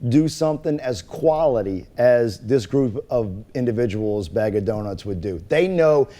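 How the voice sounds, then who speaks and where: A man's voice: medium pitch, expressive, moderate pace, mellow. A man hosting a podcast in casual banter, arguing his point insistently and repeating himself. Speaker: podcast host.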